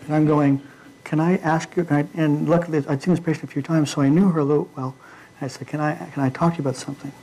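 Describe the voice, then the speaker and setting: A man preaching an informal midweek sermon in a church, talking in a halting way with frequent fillers and restarts. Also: a little high, fairly even intonation, a little mellow, poor audio.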